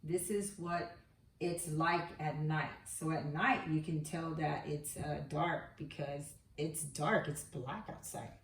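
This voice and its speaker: A woman leads a preschool lesson at a very slow, patient pace, stretching out each letter sound for small children. Her voice sits a little low and reaches the mic from a distance. The room around her is echoey. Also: fairly even intonation, a little hiss or hum. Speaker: preschool teacher.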